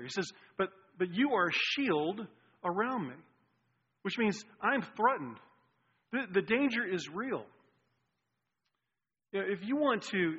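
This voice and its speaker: A man preaching a sermon as pastor, earnest, with restarts and swings between loud and hushed delivery. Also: a little high, breathy edge. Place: church sanctuary. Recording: dull lo-fi sound with long hall reverb.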